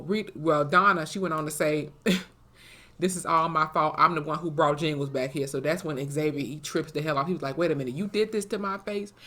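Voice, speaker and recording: A woman with a slightly low voice talks through a TV episode in a loose, chatty recap. She tells the story with plenty of swearing and jumps into the characters' dialogue as she goes. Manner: animated, profane storytelling that acts out quoted dialogue. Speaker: TV episode reviewer.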